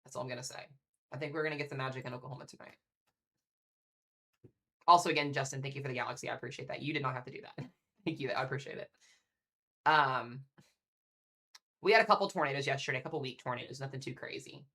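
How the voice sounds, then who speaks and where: A fast-talking man runs a live storm-coverage stream from home, his voice bright and forceful. He chats eagerly and speaks directly to the people watching. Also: medium pitch, vocal fry. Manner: chatty, excitable, talks straight to viewers. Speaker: severe weather live streamer. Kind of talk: casual live weather commentary.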